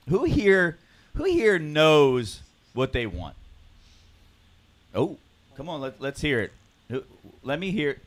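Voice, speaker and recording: Earnest man leading a lively group talk. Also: on the high side, takes it slowly, pauses often. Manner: emotional, earnest, often clears his throat. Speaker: recovery group leader.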